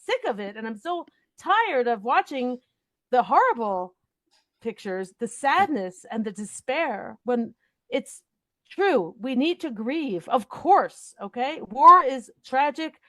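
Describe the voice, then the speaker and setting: A woman's voice: high voice, sing-song, slow pace, pushed and bright, no echo. A middle-aged woman speaking as a guest, blunt and emotional in a heated discussion. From Israel. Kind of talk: impassioned discussion.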